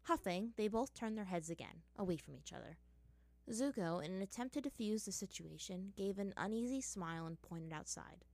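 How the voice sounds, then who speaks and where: A woman narrating a story aloud in an even, steady manner. Her voice sits mid-pitch. The recording is dry with no room sound. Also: normal speed, creaky, no room sound. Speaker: reader. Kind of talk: reading fan fiction aloud.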